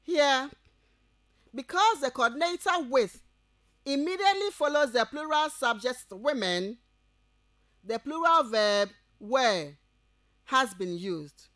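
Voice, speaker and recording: A woman with a Ghanaian English accent giving a radio lecture to university students, repeating each point slowly as if dictating and checking that they follow. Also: sits high, expressive, fairly bright tone, no echo.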